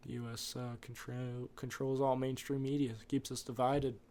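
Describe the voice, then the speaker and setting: A man's voice: medium pitch, level tone, moderate pace, a little mellow. A man hosting a podcast, rambling off script through an opinionated casual monologue. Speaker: podcast host.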